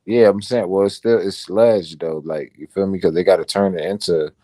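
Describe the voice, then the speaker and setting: Low mellow man in casual chat. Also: steady tone, normal speed, dry recording. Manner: loose, profane, says "like" a lot.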